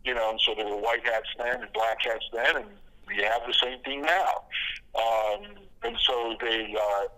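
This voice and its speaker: A man's voice: medium pitch, moderate pace, pushed and bright, poor audio. A man guest on a podcast interview, telling his stories casually with many fillers and restarts, laughing at his own jokes. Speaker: podcast guest, comic creator.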